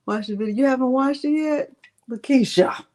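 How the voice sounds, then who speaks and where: Woman in her sixties, livestream host, higher-pitched, chatty and playful. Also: normal speed, darkish tone. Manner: chatty, greets viewers by name, playful fussing. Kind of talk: live Q&A chat, reading viewer comments.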